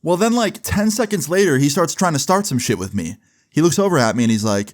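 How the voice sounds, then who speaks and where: A man's voice: a little high, big pitch swings, brisk. A young man casually telling a personal story for his vlog, loose and chatty with lots of filler words and swearing. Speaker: storyteller vlogger.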